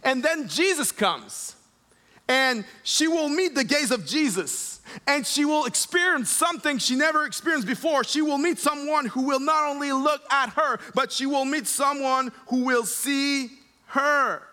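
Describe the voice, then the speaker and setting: A man preaching a sermon, emphatic and repeating phrases for effect, dropping to a soft low voice when he leads prayer. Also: a little slow.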